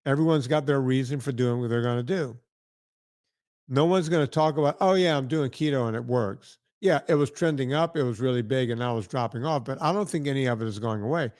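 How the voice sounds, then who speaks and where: A man's voice: medium pitch, quick pace, darkish tone, dry recording, clean studio sound. A man hosting a podcast, telling rambling stories in casual chat and often checking in with "right?". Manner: rambling, tag questions like "right?". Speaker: podcast host.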